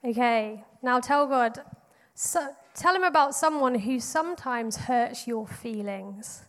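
A woman leading children and families through a guided prayer in a church hall, bright and encouraging with pauses between prompts. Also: fairly high pitch. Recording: long hall reverb.

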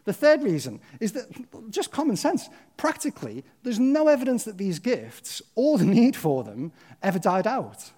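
A man's voice: sits high, huge pitch swings, moderate pace, a little mellow. A man preaching a sermon, earnest and conversational, often checking in with his listeners. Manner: emphatic, impassioned.

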